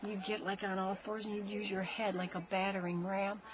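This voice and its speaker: A woman, a mother, telling her grown child stories about him as a baby in a casual home video, animated and often laughing. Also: mid-range voice, a little fast, a little hiss or hum.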